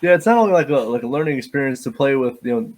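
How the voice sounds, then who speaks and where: A young man hosting an interview, responding eagerly in halting phrases with many restarts. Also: mid-range voice, animated. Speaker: host. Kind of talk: casual interview chat.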